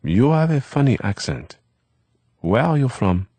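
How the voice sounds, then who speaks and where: A man voicing a wary, reserved young Frenchman with a French accent and formal, halting phrasing. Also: medium pitch, very animated, warm tone, dry recording, pitched above the performer's own voice. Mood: guarded.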